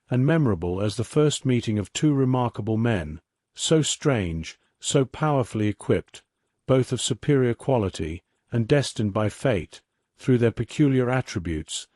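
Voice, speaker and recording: A man narrating a classic mystery story as a calm, even bedtime reading. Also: medium pitch, dry recording, clean studio sound.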